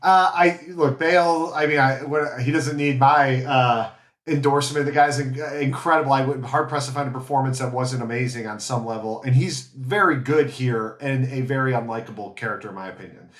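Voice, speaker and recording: A man's voice: mid-range voice, brisk, a bit bright. A man guesting on a film podcast, talking casually and hesitantly as he searches for his words. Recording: roomy echo.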